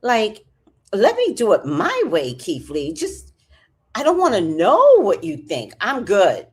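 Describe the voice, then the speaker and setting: A woman's voice: mid-range voice, huge pitch swings, takes it slowly, darkish tone, slightly rough. A woman chatting casually on a livestream, reading out comments with rambling, profane asides and jokes. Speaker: vlogger.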